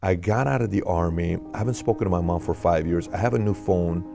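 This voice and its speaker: Low gravelly man telling an earnest story. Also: fast talker, music in the background. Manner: earnest, searching, full of questions; conversational, with frequent "like" and "okay?". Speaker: army veteran guest. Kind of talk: personal testimony in an interview.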